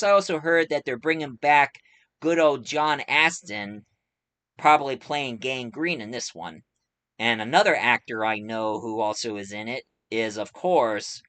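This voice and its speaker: A man talks through a film review in a loose, rambling way, often pausing on filler sounds. His voice is bright and crisp, and the recording is dry and close. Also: mid-range voice, no room sound. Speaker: movie reviewer. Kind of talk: casual spoken film review.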